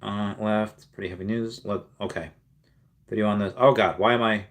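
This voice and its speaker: A man's voice: lowish voice, steady tone, moderate pace. A man streaming live and chatting casually, reading viewer messages aloud and replying in a rambling way full of fillers and restarts. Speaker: streamer answering live chat. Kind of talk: casual livestream chat.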